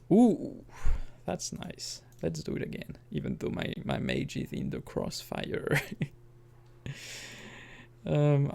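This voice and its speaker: Fairly high in pitch yet dark and creaky, this male gaming commentator talks loosely over a let's-play. He drifts, backtracks to correct himself, and slips in chuckling side remarks.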